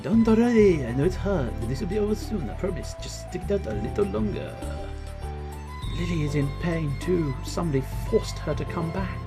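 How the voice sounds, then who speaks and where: A man's voice: fairly high pitch, animated, fairly quick, voice pushed up, close to an everyday voice. A cocksure middle-aged exorcist, put on by a man reading the game aloud talks in a raised voice with a shaky attempt at a foreign accent. He sounds self-assured and professional. Game music plays behind him. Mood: confident. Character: middle-aged male exorcist, smooth and confident.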